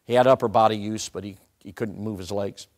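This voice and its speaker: A man's voice: fairly low pitch, steady tone, brisk. A middle-aged man preaching a storytelling sermon to a live audience, talking conversationally and often asking the room questions. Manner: conversational, asks the audience questions, swings between soft and loud. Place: church or meeting room with an audience.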